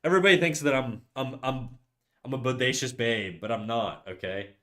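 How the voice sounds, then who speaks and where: A man's voice: medium pitch, moderate pace. Rambling male streamer muttering while drawing. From Canada. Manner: rambling, chats with viewers, drops to quiet muttering while working. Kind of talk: casual livestream chat while drawing.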